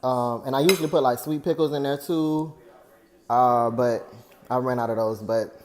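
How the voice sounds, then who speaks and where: A man's voice: mid-range voice, moderate pace, darkish tone. A man, talking earnestly and at length to his viewers in a personal vlog, venting about a friend. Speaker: vlogger.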